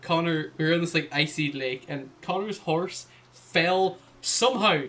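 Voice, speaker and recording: A young man co-hosting a casual podcast chat, giggly and halting as he restarts his sentences. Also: fairly high pitch, bright, forceful tone. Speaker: podcast co-host.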